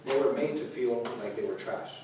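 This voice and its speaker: A man's voice: mid-range voice, fairly quick, a little mellow, a little hiss or hum. A man giving an informal sermon to a group, talking casually with many fillers and restarts. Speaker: youth speaker. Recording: echoey room recorded from a distance.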